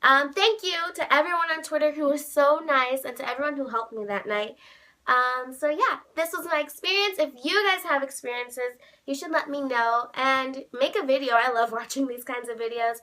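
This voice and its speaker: Bright, high-pitched excitable young woman. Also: moderate pace. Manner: gushing, heavy use of "like", bursts of squealing quotes. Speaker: vlogger. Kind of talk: excited storytelling vlog.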